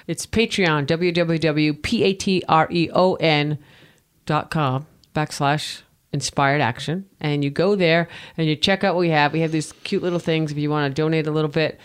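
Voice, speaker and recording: A man's voice: fairly high pitch, fairly even intonation, a little fast, hardly any pauses, clean tone. A man co-hosting a podcast, chatting casually and joking around. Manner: playful, joking. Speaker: podcast co-host.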